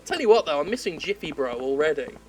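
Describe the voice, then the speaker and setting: A woman's voice: low voice, sing-song, quick pace, low-quality recording. A woman game critic giving sarcastic, profane commentary while playing. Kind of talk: sarcastic let's-play commentary.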